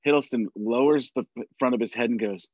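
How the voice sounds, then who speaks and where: A man in casual conversation tells stories with lively energy, now and then dropping into an impression. His voice sits at an ordinary pitch, and the recording is dry and close. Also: fast, dry recording, dull audio. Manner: animated storyteller, drops into impressions. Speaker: podcast guest, impressionist. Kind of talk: casual chat.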